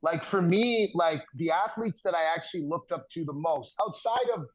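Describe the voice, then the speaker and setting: A man in his thirties, a podcast guest telling stories in a casual, animated way and laughing through the punchlines. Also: on the high side, moderate pace, low-quality recording. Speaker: podcast guest, former hockey defenseman. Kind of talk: casual storytelling.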